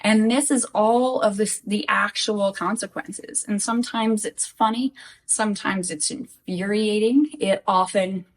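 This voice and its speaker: A woman telling animated, casual stories to camera about life with her YouTuber husband, with quick asides. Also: medium pitch, distant mic, low-quality recording. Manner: animated, quick asides, acts out quoted exchanges. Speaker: wife of a YouTuber.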